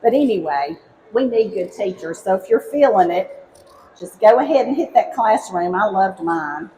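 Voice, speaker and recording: A middle-aged woman from Alabama with a Southern accent gives a cooking demo on stage. She is a former high school teacher and talks to the crowd in a cheerful, folksy, chatty way. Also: lively intonation, moderate pace, warm tone, a little hiss or hum, low-quality recording. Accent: Southern American, Alabama. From Alabama, United States. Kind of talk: live cooking demo for an audience. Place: outdoor cooking stage with a live audience.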